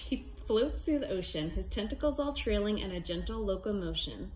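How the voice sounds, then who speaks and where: A woman's voice: medium pitch, animated, moderate pace, few pauses, a little mellow, a little hiss or hum. A woman reading a rhyming picture book aloud to children in a casual, sing-song way. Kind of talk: casual storybook read-aloud.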